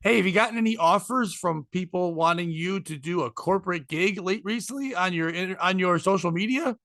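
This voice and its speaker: A man's voice: high voice, fairly quick, fairly bright tone, dry recording. A man co-hosting a podcast, telling a long rambling story in casual comedic chat. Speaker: podcast co-host.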